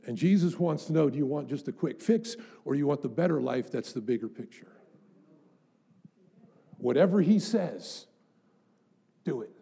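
A man's voice: on the high side, gravelly, dark tone, breathy edge. A middle-aged man preaching a sermon as pastor, emphatic, building up with rhetorical questions to the congregation.

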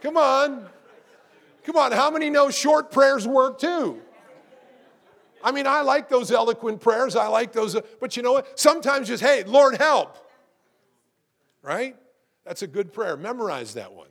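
A middle-aged man preaching a sermon to his congregation, lively and conversational, asking rhetorical questions and often repeating words. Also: extremely high pitch, moderate pace. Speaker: pastor.

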